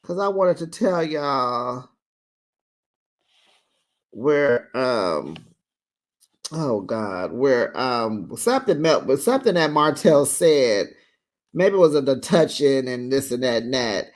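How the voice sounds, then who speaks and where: A host recapping a reality show in a casual, chatty way, with playful shade and lively asides. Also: mid-range voice, slow, pauses often. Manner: animated, chatty, playfully shady.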